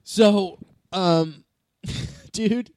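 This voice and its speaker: A male comedian telling animated, profane stories in a casual podcast chat on a studio microphone. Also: high-pitched, very slow, no room sound. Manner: animated storytelling with swearing. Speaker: stand-up comedian.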